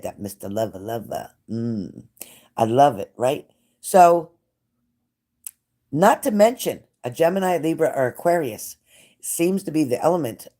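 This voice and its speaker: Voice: mid-range voice, warm tone. Psychic reader on a live stream, chatty, keeps repeating stuff, calls out viewers by name, gets real emotional. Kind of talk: casual live-stream reading.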